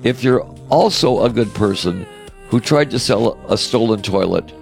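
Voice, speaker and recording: A man's voice: lowish voice, expressive, moderate pace, gravelly, soft background music. A man hosting a radio show, telling an odd news story in a wisecracking, mocking way. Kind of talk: comedic radio talk segment.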